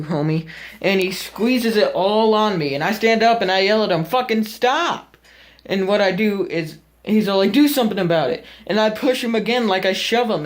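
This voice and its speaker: A teenage boy vlogging, casually telling a story to the camera, animated and full of swearing as he acts out what happened. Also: high voice. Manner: animated, profane, acts out the scene.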